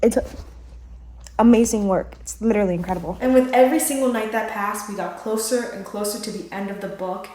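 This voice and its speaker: A young woman talking through her reactions to a fantasy book in a dramatic, expressive way, swearing freely. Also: mid-range voice, brisk. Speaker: book vlogger. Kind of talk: casual reaction vlog. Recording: roomy echo with background music.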